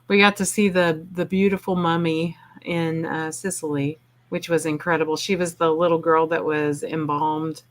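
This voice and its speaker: A woman's voice: low voice, flat delivery, moderate pace, few pauses, slight background noise. A woman guest on a paranormal show, chatting casually about her travels. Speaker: guest, ghost hunter. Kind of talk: casual chat.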